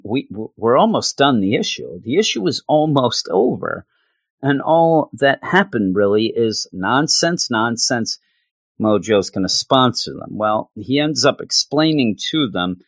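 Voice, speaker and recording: Sarcastic, animated male comic reviewer. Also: mid-range voice, creaky, dry recording. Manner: sarcastic, exasperated, acts out characters. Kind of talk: casual video review.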